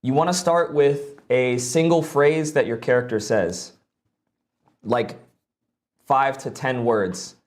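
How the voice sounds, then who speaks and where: A young man talks loosely on a live stream, peppering his advice with "like" and the odd curse. He sits close to a streaming mic, and his voice sits at an ordinary middle pitch. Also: slow pace, long pauses. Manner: loose and profane, lots of "like" fillers. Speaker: streamer giving voice acting advice. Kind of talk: casual live-stream talk.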